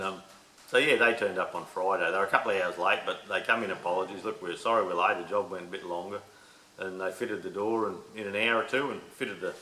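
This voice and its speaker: Australian bloke, middle-aged, chatty podcast host, bright forceful voice, lowish pitch, rambling yarn in a roomy shed. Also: male voice, slight background noise. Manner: rambling, laid-back, swears casually. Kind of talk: casual storytelling chat.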